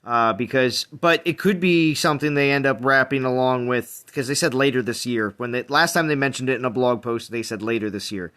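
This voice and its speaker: A man hosting a casual gaming roundtable stream, reading chat aloud and reacting in an animated way. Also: mid-range voice, fairly quick, hardly any pauses.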